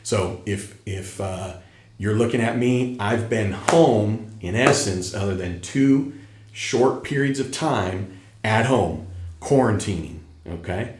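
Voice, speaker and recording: A man's voice: lowish voice, slow pace, a little mellow, a little hiss or hum. A middle-aged man hosting a tax channel, talking straight to viewers in an emphatic way that repeats his points, while still getting over an illness. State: recovering from illness. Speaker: tax educator and channel host. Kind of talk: casual direct-to-camera talk. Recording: echoey room.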